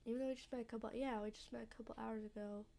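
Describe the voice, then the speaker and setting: A woman's voice: a little high, fairly even intonation, very fast, creaky, warm tone. A woman casually commenting while playing a story game, chatty and blunt, filling her talk with "like". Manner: chatty, lots of "like", blunt reactions. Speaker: let's play gamer.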